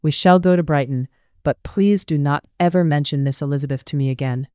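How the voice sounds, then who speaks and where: A narrator voicing a grave, restrained gentleman and older brother in a read-aloud story, with a smooth voice. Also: medium pitch, fairly quick, no echo, clean studio sound, close to an everyday voice. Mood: firm. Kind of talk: audiobook character reading.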